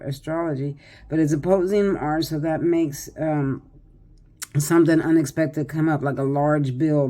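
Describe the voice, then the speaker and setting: A woman's voice: low-pitched, mellow. A tired older woman doing a casual tarot reading, chatty and rambling with many fillers and restarts. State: tired, yawning. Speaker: tarot reader.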